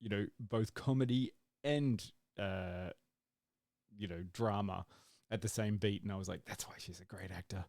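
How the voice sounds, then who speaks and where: A man's voice: fairly low pitch, normal speed, vocal fry, a little mellow, no echo, studio quality. A man co-hosting a podcast in casual chat, rambling and acting out his own reactions. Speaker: podcast co-host.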